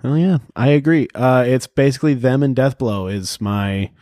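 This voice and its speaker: A man's voice: mid-range voice, moderate pace, warm tone, no echo, studio quality. A man hosting a podcast in casual chat, joking around and swearing a lot. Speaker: podcast host. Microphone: podcast microphone.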